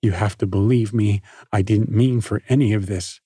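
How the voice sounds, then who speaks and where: Brief: male narrator as a broken teenage boy, barely above a murmur, husky. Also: fairly low pitch, steady tone, normal speed, no room sound, clean studio sound. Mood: defeated hushed. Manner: quiet, hushed, apologetic. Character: guilt-stricken, defeated teenage boy.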